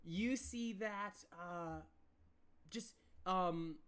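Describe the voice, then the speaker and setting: A woman's voice: medium pitch, very slow, pauses often, smooth. A woman narrating as game master of a tabletop game, giggly and rambling with many fillers.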